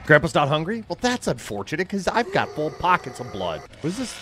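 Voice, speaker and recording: A man giving casual, jokey commentary while playing a horror game, getting excited and shouting at teammates. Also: fairly high pitch, fairly quick, soft background music. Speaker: gamer.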